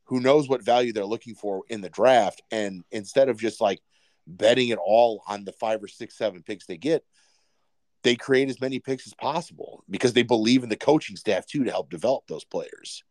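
A man's voice: on the low side, normal speed, a little mellow, dry recording. A man co-hosting a casual sports podcast, rambling with many fillers and restarts. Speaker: podcast co-host.

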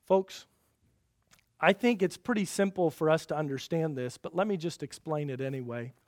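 A man preaching a sermon as pastor, asking the congregation rhetorical questions and swinging between loud emphatic peaks and quiet low passages. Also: moderate pace, no echo, clean studio sound.

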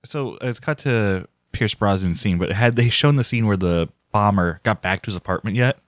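A man's voice: on the low side, moderate pace, no echo, clean studio sound. A man co-hosting a casual movie podcast, eagerly recounting scenes. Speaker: podcast co-host.

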